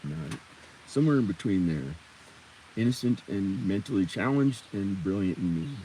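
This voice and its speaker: A man talking to a camera on a tripod outdoors in the woods, rambling and halting with many fillers and restarts. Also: deep voice, animated, dark tone, a little hiss or hum. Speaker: vlogger. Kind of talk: rambling casual monologue.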